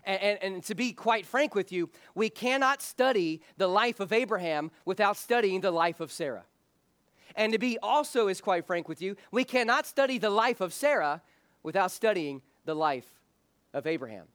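High-voiced earnest male preacher. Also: lively intonation, moderate pace, a bit bright, clear, resonant tone, dry recording. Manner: earnest, frank preaching with repeated restarts. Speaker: pastor. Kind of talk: sermon.

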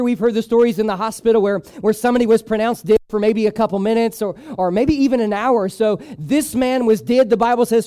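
High-voiced man preaching, dark mellow tone. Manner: dramatic, dropping to a hushed low voice for emphasis; acts out the people in the story with quoted voices. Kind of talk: sermon retelling scripture.

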